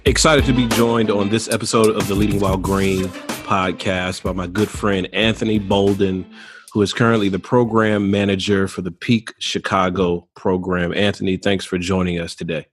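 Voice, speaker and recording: Deep-voiced guy hosting a podcast, friendly, asks earnest digging questions. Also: little pitch movement, normal speed, soft background music. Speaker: podcast host. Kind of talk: interview conversation.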